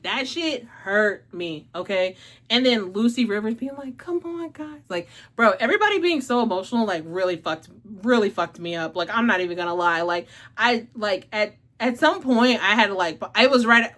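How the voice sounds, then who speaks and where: A book reviewer runs her own casual vlog, talking in a medium-pitched, slightly bright voice. Breathless and emotional, she raves about books, sprinkling in "like" and profanity between frequent laughs.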